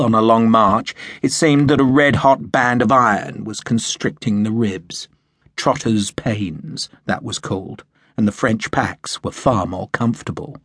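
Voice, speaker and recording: A man reading a novel aloud as audiobook narrator, with measured storytelling. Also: lowish voice, fairly bright tone, breathy edge, no echo, studio quality. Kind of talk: scripted narration.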